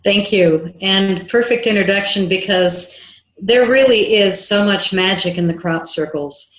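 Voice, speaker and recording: A woman filmmaker, a guest on an interview show, telling a story in a lively way and acting out the dialogue she quotes. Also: medium pitch, measured pace, a little hiss or hum. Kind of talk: animated anecdotal storytelling. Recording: roomy echo.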